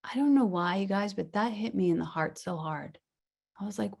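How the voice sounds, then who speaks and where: A middle-aged woman giving a conversational, animated sermon, often acting out the voices she quotes. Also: medium pitch, moderate pace, creaky. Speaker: minister.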